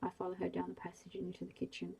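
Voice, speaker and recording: A woman with a low, dark voice reads a bedtime story in a soft, hushed ASMR manner. Her tone is husky with a gravelly edge. She keeps her delivery flat and even throughout. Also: rough recording. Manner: slow, hushed, gentle reading.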